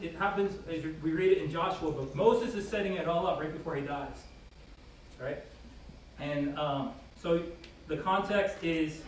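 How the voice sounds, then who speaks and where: High-voiced man teaching in an echoey room. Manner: conversational, many "like" and "right?" asides; acts out voices in quotes. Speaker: Bible teacher. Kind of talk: casual Bible teaching. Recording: very echoey room, distant mic, faint noise.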